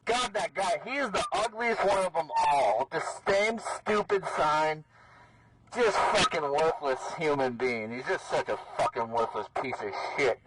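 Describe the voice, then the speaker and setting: A woman livestreamer heckling protesters outdoors, yelling profane insults and sing-song chants. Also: low voice, lively intonation, measured pace. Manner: shouting crude taunts and chants. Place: outdoors at a crowded gathering. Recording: crowd heard behind. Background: crowd noise.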